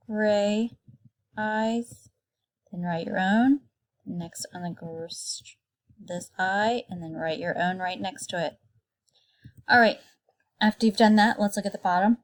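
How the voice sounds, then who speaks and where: A woman's voice: fairly low pitch, slow pace, long pauses. A woman teaching kindergarten phonics, patiently sounding out letters and words for young children.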